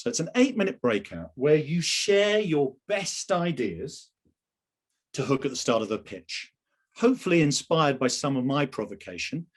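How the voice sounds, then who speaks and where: A man's voice: fairly high pitch, husky. A man running a live online sales training session over a video call, emphatic and full of rhetorical questions.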